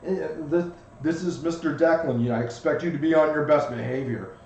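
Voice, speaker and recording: A man's voice: a little high, fairly quick, darkish tone, slight background noise, natural voice. A man putting on a bossy little girl. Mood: prim. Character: excited little girl, about seven, bossy and prim. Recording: echoey far-off room mic.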